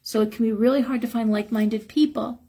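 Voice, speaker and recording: A middle-aged live-streamer speaks quickly in a dark tone with fairly even intonation, reading chat and dispensing frank spiritual advice. She's casual and talkative, a bit tired, and raises her voice to act out quotes.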